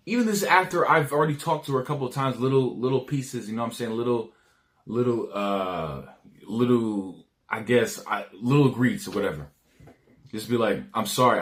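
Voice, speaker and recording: A man's voice: mid-range voice, a bit bright. Slangy man rambling dating advice. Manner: rambling, frequent restarts, slangy and profane; acts out dialogue lines. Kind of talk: casual advice monologue.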